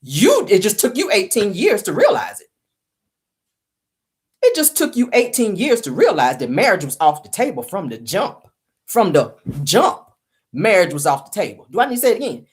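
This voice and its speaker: A woman's voice: mid-range voice, wildly swooping pitch, brisk. A woman hosting casual celebrity gossip commentary, sassy and opinionated, often calling viewers honey.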